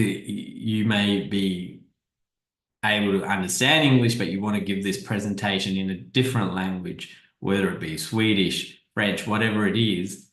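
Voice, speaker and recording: A man's voice: lowish voice, echoey room, low-quality recording. A man giving a casual marketing presentation over slides, talking conversationally and often restarting and repeating his words.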